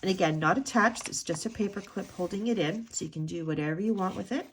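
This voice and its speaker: A woman's voice: mid-range voice, quick pace. Woman vlogger, casual sing-song crafter chat, mid-range voice, faint noise on the track. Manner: chatty, sing-song, frequent ums and laughs. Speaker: art journal maker showing her work. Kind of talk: casual flip-through commentary.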